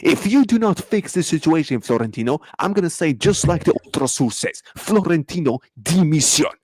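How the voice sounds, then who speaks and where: A man's voice: a little high, big pitch swings, a little fast, darkish tone, no room sound. A man hosting a live football reaction stream, ranting and swearing in heavy street slang. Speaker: host. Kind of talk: angry live match reaction.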